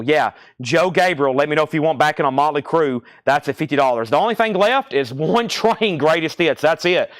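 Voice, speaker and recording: A man's voice: on the high side, a bit bright, no echo. Breathless man running a live record sale. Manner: brisk, reads off names and prices. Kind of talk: live-stream sales patter.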